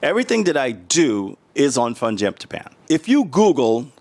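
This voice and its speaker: Man, middle-aged, from the US, earnest, emotional, halting restarts, mid-pitched voice. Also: very animated. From United States. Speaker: interview guest. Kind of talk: casual interview talk.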